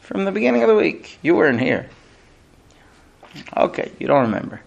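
A man's voice: on the high side, very animated, a little fast, gravelly, lo-fi sound. A man teaching a Talmud class to students, telling a story animatedly and acting out the quotes. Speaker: Torah teacher.

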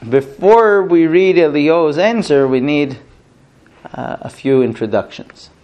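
A man's voice: a little high, animated, a little slow, lo-fi sound. A man teaching a Talmud class to students, telling a story animatedly and acting out the quotes. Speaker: Torah teacher.

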